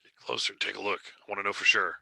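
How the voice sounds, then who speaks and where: A man with a very deep but sharp, forceful voice plays his tabletop character, urging and directing the others. He is heard dry and close to the mic. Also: flat delivery, fast, gravelly, no echo. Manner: urgent, commanding. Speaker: player.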